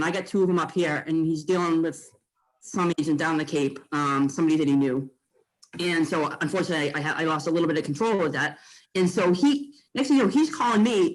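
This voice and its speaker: A real estate agent gives fellow agents a casual training talk, sounding blunt and animated, with frequent fillers and mild swearing. The voice is mid-range, and the audio quality is poor.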